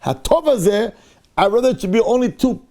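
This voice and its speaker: A man giving a Torah class as rabbi, acting out the figures' words and dipping low for quoted verses. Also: moderate pace. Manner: animated, acts out the figures' words with mixed Hebrew phrases. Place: synagogue.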